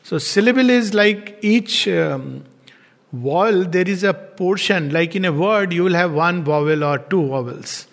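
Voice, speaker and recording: A man giving a calm, unhurried spiritual lecture, with soft chuckles. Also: sits high, creaky, long reverb tail. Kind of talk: reflective spiritual talk.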